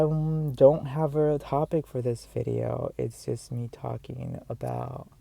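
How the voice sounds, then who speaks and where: A man's voice: medium pitch, creaky, dark tone. A man with a noticeable accent giving an earnest, rambling talk to camera, encouraging viewers with many fillers and repeated words. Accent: noticeable non-standard accent. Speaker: vlogger. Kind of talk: casual motivational talk to camera.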